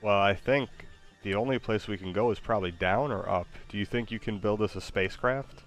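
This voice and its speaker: A man's voice: on the low side, a little fast, fairly bright tone, soft background music. A man hosting a stream in casual chat, goofy and playful, often hesitating with uhs. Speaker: streamer host.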